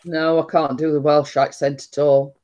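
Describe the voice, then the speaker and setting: A woman's voice: deep voice, flat delivery, moderate pace, dark tone, dull audio. Nottinghamshire lady in her 50s chatting away, laughs a lot, reads out comments. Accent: Nottinghamshire English. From Nottinghamshire, England. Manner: chatty, laughs often, self-deprecating. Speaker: host. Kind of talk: casual chat on a live stream, reading comments.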